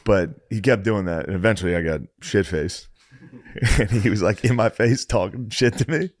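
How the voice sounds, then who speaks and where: A man's voice: fairly low pitch, moderate pace, no echo, studio quality. A man, co-hosting a podcast in casual chat, telling stories with frequent laughs and swearing. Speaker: podcast co-host.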